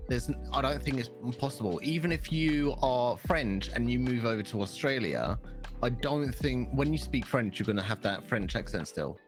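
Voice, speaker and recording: A British woman co-hosting a podcast, reacting quickly with emphatic, opinionated remarks. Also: rumbling low. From Britain. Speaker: podcast co-host and streamer. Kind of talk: casual chat.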